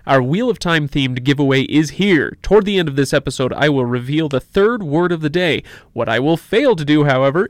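A man hosts a laid-back podcast, joking around and leaning on filler words as he talks. His voice sits a bit high for a man. The sound is dry and close, with no room echo. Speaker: podcast host. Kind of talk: casual podcast chat.

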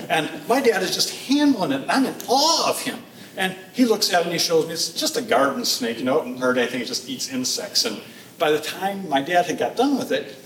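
A man telling a lively personal story on a theater stage, acting out shouts and reactions. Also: on the high side, far from the mic, slight background noise. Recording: echoey hall from afar.

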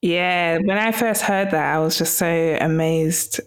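A woman with a lowish voice hosts a relaxed interview. She asks curious questions and keeps the talk going with encouraging murmurs of agreement. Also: unhurried, poor audio. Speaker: interview host. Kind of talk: conversational interview.

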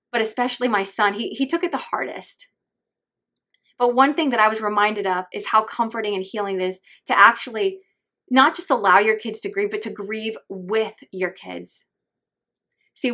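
A woman's voice: medium pitch, a bit bright. A woman hosting a faith-based parenting podcast, speaking in a heartfelt, openly emotional and earnest way. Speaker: podcast host.

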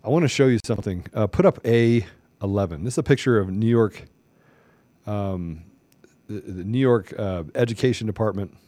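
A man's voice: on the low side, moderate pace, no echo. A middle-aged man hosting a podcast, delivering a preachy, impassioned monologue full of repeated rhetorical questions. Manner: preachy, repetitive rhetorical questions, rising to near shouting. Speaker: podcast host.

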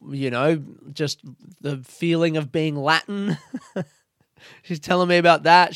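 Young male comic, rambling storyteller, crisp and resonant, no room sound. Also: mid-range voice, no echo, studio quality. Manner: rambling, laid-back, swears casually. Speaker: comedian. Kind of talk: casual storytelling monologue.

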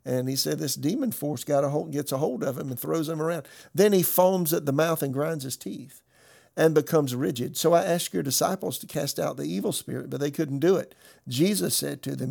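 Gravelly-voiced man preaching with emphasis. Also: on the high side, fairly quick, darkish tone. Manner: emphatic preaching, reading scripture aloud. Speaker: pastor. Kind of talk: sermon.

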